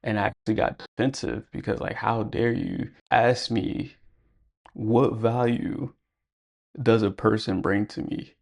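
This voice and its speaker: Young male vlogger, low gravelly voice, loose reflective storytelling with lots of fillers. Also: steady tone, unhurried, darkish tone. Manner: casual, reflective, lots of fillers like "like" and "you know". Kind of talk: personal storytelling to camera.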